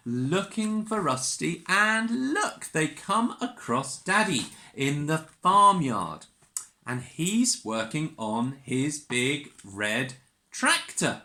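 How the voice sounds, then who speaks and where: A woman reading a picture book to young children, animated and sing-song, asking her listeners questions. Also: on the low side. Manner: makes animal noises and gasps. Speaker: children's storyteller. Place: church. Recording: roomy church echo.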